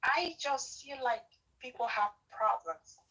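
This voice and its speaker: A woman's voice: a little high, animated, measured pace, sharp tone, dull audio. Earnest woman caller on a distant line. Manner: earnest, emphatic repetition. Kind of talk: casual call-in testimony.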